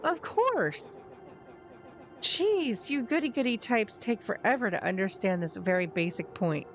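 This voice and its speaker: A woman's voice: medium pitch, lively intonation, unhurried. A woman streamer reading the lines of a bitter, sarcastic boy from a story game, blunt and slangy. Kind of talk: game dialogue read aloud.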